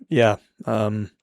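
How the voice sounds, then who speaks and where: Slow, hesitant man with a smooth voice. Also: on the low side, a little mellow, no room sound, studio quality. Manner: hesitant, searching for words, sighing. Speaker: interviewer. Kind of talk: casual interview.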